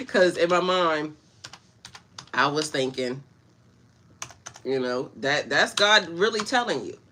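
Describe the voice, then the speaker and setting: Bright-voiced woman, chatty spiritual coach. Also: sits low, lively intonation, slow pace, long pauses, a little hiss or hum. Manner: laughs often, greets viewers by name; loose, chatty storytelling. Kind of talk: casual livestream chat with viewers.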